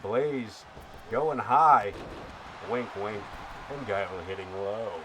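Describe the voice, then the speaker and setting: A man doing a hammy old-time radio wrestling announcer, nasal and pushed high in the chest. He stretches his words into a booming play-by-play call, and steady noise hums underneath. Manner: booming, drawn-out announcer delivery. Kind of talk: mock play-by-play commentary.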